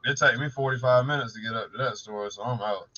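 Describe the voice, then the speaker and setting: A man's voice: mid-range voice, fast, bright, forceful tone, dull audio. A man co-hosting a casual late-night live stream, laid-back and profane, chatting about mutual friends and store hunts.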